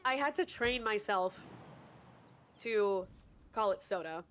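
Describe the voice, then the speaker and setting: A woman's voice: mid-range voice, animated, slow, a bit bright, slight background noise. A woman live-streaming a co-op game, chatting casually and rambling with lots of fillers and restarts.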